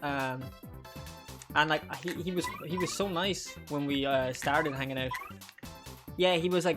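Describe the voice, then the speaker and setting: A man's voice: a little high, normal speed, music in the background. Crude joking young man streaming. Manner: crude, joking, laughs often. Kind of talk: live gameplay commentary.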